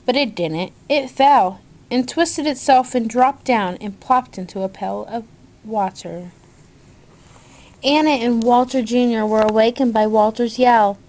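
A woman reads a picture book aloud, slow and gentle, stopping now and then to point out the pictures to her listeners. Her voice sits fairly high. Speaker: storyteller.

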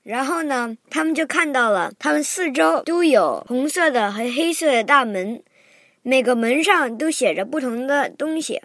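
Female storyteller, high and animated, unhurried and expressive reading, dry booth-like sound. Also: dry recording. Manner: expressive, clear and deliberate. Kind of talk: reading a children's novel aloud.

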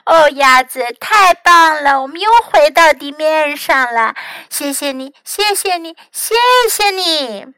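A woman voicing a timid, excitable male frog in a children's story, in a high, fretful voice. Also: takes it slowly, few pauses, no echo, full character voice. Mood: relieved.

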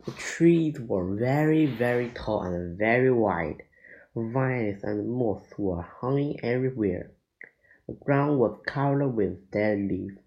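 A man slowly reading a children's chapter book aloud, deliberate and stumbling now and then, on a dull lo-fi recording. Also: medium pitch, lively intonation, gravelly, darkish tone. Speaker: narrator.

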